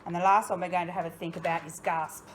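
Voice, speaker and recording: In a recorded online lesson, an Australian woman who teaches primary school talks to her young students directly, asking questions in an encouraging, expressive way. She speaks fast at a fairly low pitch, keeping her tone level, over a little hiss or hum.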